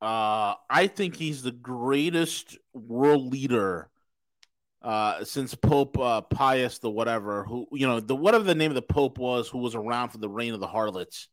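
A man's voice: mid-range voice, unhurried, no room sound. A man hosting a casual political talk show, talking in a boisterous, profane, rambling way. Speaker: podcast host.

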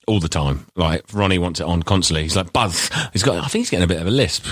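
A man's voice: sits low, lively intonation, rapid-fire, no echo, studio quality. A man co-hosting a podcast, chatting casually in a jokey, self-deprecating way and cutting in often. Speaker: podcast co-host. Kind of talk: casual chat.

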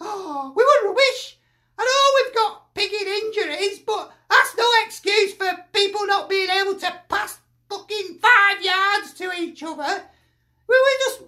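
A very high, bright-toned woman rants in exasperation, swearing freely and sighing heavily between complaints. She sounds like a fan letting off steam straight after a bad result. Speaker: fan sending in a reaction. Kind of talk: ranting fan reaction.

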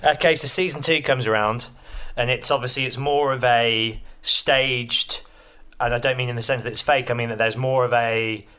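A man's voice: medium pitch, fairly even intonation, moderate pace, bright, forceful tone, clean tone. A man hosting an interview, recapping and asking probing follow-up questions. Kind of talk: podcast interview.

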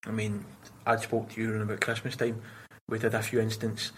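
A man's voice: fairly low pitch, fast, a little hiss or hum, low-quality recording. A young Scottish man, a prison officer, chatting casually in an interview and telling stories with plenty of swearing. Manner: swears freely, animated storytelling.

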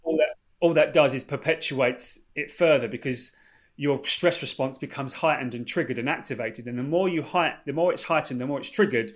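A man talks through sleep advice in a relaxed podcast conversation. He explains patiently, piling up rephrasings and lists. His pitch sits in the middle for a man. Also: a little fast. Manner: explanatory, repeats and rephrases points. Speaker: sleep expert. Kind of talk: casual podcast chat.

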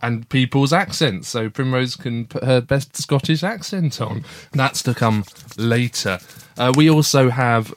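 A man's voice: mid-range voice, measured pace. A man hosting a casual family podcast from a garden shed office, chatty and encouraging as he prompts his young daughter. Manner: chatty, encouraging, gently teasing. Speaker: podcast host, father.

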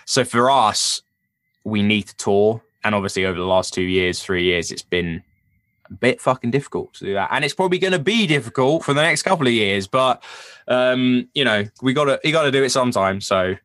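A man's voice: mid-range voice, brisk, no room sound. A man, a touring rock drummer, chatting in an interview and acting out quotes with plenty of swearing. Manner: animated storyteller, swears freely, acts out quotes. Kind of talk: casual interview chat.

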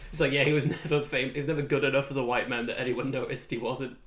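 Man of middling pitch, chatty anecdote-teller; recorded in a noticeably reverberant room. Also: fast talker. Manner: rambling, animated retelling with quoted voices. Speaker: podcast co-host. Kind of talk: casual chat. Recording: echoey room.

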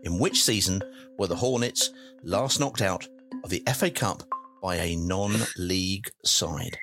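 A man's voice: low voice, a little slow, fairly bright tone, faint music behind. A man hosting a football quiz podcast, reading questions in a playful, sing-song commentary manner. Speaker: quiz host. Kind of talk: football quiz with penalty-shootout framing.

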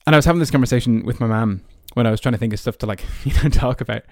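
Young irish guy, podcast host, casual storytelling, lots of fillers, mid-pitched voice, dry close sound. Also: racing, no echo. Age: early 20s. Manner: chatty, many fillers like "like" and "you know".

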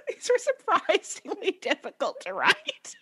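A woman's voice: very high-pitched, huge pitch swings, unhurried, very noisy. A woman co-hosting a podcast in casual chat, reading out quiz questions and laughing often. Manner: giggly, playful, laughs a lot. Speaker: podcast co-host.

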